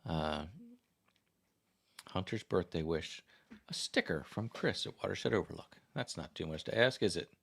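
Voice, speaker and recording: A man's voice: low-pitched, expressive, a little slow, vocal fry, long pauses, a bit bright, husky. An American man hosting a casual livestream, chatting in a rambling way as he reads viewer comments and puts questions to the audience. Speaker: livestream host. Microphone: desk microphone.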